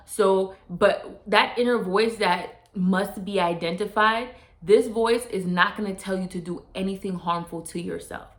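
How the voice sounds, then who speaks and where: A woman talks earnestly to her viewers, circling back over her phrases and slipping into casual slang. Her voice sits at an ordinary middle pitch, and the room around her adds a noticeable echo. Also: fairly bright tone. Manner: earnest, repeats and restarts phrases, speaks straight to the viewer. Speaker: vlogger giving life advice. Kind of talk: casual motivational talk to camera. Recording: roomy echo.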